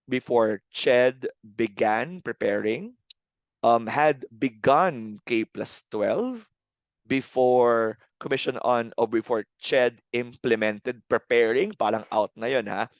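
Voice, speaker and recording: Filipino man with a gravelly voice. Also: medium pitch, slow pace, dry recording. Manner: switches between English and Tagalog, calls listeners "friends". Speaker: teacher reviewing exam questions. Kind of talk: recorded review lecture. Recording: dry, dull lo-fi sound.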